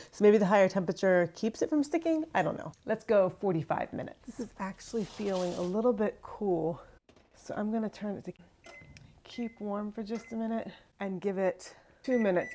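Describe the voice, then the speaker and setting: A woman's voice: mid-range voice, a little mellow. A woman hosting a home kitchen cheesemaking vlog, chatty and exasperated with a self-mocking streak. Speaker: cheesemaking channel host. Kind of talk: casual kitchen vlog talking to camera.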